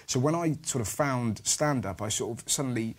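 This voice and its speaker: A man's voice: mid-range voice, expressive, moderate pace. A man casually telling anecdotes on a comedy podcast, chatty and laughing through his stories.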